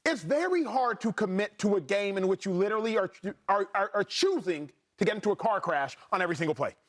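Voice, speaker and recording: A man with a high-set voice hosts a sports debate show. He leans into his argument, pressing the panel and building his case line by line. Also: lively intonation, fast, fairly bright tone. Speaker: host.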